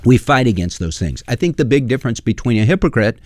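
A man's voice: medium pitch, animated, fast, no room sound. A man preaching a sermon in an earnest, conversational way, with frequent fillers as he reads and explains scripture.

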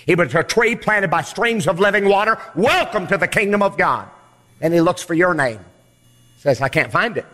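A man preaching a revival sermon, fiery and dramatic, swinging from hushed storytelling to loud pleading questions. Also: a little high, big-room sound. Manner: fiery, shifts from quiet to shouting. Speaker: evangelist preacher.

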